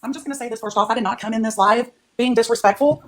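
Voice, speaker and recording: An older woman talks quickly and firmly in a livestream dispute. She keeps stressing that she is calm and respectful while she presses her case. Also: on the high side, a little hiss or hum. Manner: firm, insists she is being respectful. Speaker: livestream guest. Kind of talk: heated livestream argument.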